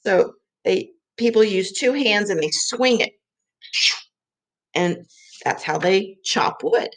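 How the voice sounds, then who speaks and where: A woman's voice: mid-range voice, lively intonation, slow. A woman teacher giving a patient vocabulary lesson for young children, sounding out letters and clapping syllables.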